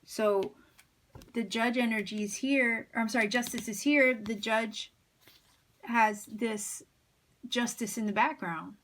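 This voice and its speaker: A woman's voice: a little high, steady tone, takes it slowly, fairly bright tone. A woman with a slight lisp giving a pick-a-card tarot reading, musing and hesitant, with many fillers and restarts. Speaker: tarot reader.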